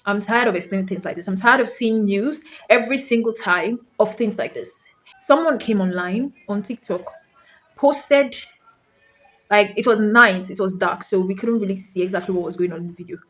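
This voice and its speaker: A Nigerian woman vlogger delivers an impassioned rant to camera, emphatic and packed with rhetorical questions plus some swearing. Her voice is medium-pitched and fairly bright, at a moderate pace.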